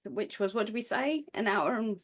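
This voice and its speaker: A woman's voice: mid-range voice, lively intonation, moderate pace. A woman co-hosting a podcast in a casual chat, making dry joking asides. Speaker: podcast co-host.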